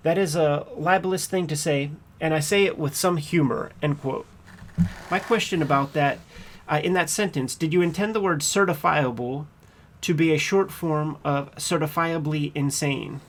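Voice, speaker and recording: A man acting out a dogged trial attorney cross-examining a witness in a courtroom transcript reading. His voice sits a little higher than most men's. He presses each point in a measured, pointed way. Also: natural voice. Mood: pressing.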